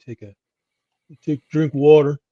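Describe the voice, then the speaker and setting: A man hosting a podcast, speaking in an easygoing, loose way, a bit higher than most men. His voice is dry and close, with a dull lo-fi sound. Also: flat delivery, normal speed, no room sound. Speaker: podcast host. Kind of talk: casual podcast chat.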